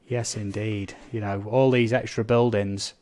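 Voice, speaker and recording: Male streamer, slightly low voice, casual running chat over gameplay. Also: fairly even intonation, unhurried, darkish tone. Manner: chatty, reads out viewer comments, blurts game sound effects. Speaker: gaming live streamer.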